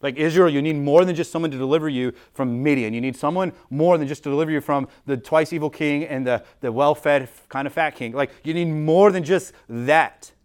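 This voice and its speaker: A pastor delivers a conversational sermon in a slightly high, brisk voice with few pauses, a little mellow and clean in tone. He explains the text casually, often restarting phrases and leaning heavily on "like."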